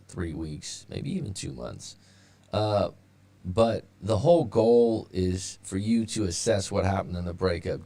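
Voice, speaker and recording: A man with a low, gravelly voice gives breakup advice on a casual live stream. He rambles with fillers and restarts, and his audio turns robotic now and then. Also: dark tone. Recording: sounds robotic at times.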